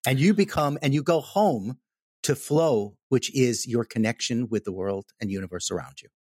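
A man telling a personal story in casual conversation, animated and emphatic. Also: medium pitch, normal speed, breathy edge, no room sound, clean studio sound. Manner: animated, emphatic, repeats "okay?" for effect.

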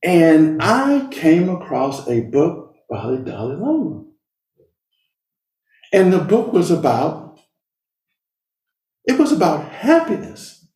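Slow, earnest middle-aged man, roomy distant sound. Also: fairly high pitch, huge pitch swings, a little mellow. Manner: slow, deliberate, earnest, with long pauses. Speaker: speaker. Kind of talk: personal storytelling talk.

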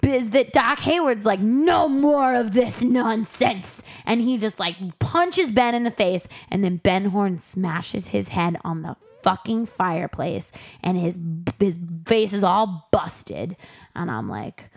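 A woman in her twenties co-hosting a podcast, chatting casually and animatedly as she recaps a TV episode, acting out scenes in playful high voices. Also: lively intonation, measured pace. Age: 20s. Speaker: podcast co-host.

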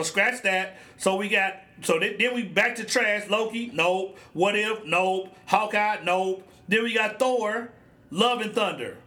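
A podcast host with a high, bright voice rants his way through a solo episode, blunt and animated. His slangy, loose talk into the podcast microphone feels like a casual chat.

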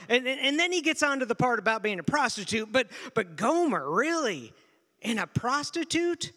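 A man preaching a storytelling sermon in an animated way, often repeating words as he starts a phrase. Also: very high voice, normal speed. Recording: long reverb of a large hall.

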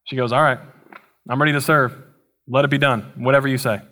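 A man's voice: medium pitch, fairly even intonation, fairly quick, bright, forceful tone. A young man preaching a sermon in a casual, conversational way, with playful asides. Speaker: pastor.

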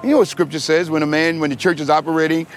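A man's voice: fairly high pitch, steady tone, rapid-fire. A middle-aged man preaching his testimony, telling the story with animation and acting out the voices. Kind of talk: sermon testimony. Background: music.

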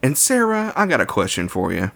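A man's voice: medium pitch, huge pitch swings, fairly quick, gravelly, a bit bright. A man co-hosting a podcast, chatting casually with a dry, teasing manner. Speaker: podcast co-host. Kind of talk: casual chat.

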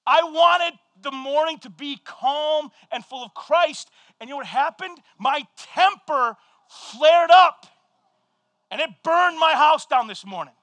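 A middle-aged male pastor giving a sermon, telling a story with lively energy and shouting at the high points. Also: no room sound. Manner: animated storytelling, shouting at peaks, quick asides.

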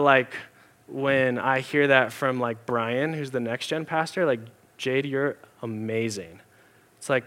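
A man preaching a sermon in a casual, earnest way, full of "like" fillers, slowing down and going soft to stress a point. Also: mid-range voice. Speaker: pastor.

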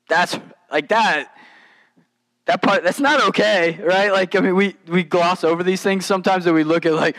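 A male pastor delivers a sermon in a loose, conversational way, with lively asides. His voice sits slightly high for a man. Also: moderate pace, poor audio. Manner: conversational, animated preaching with casual asides.

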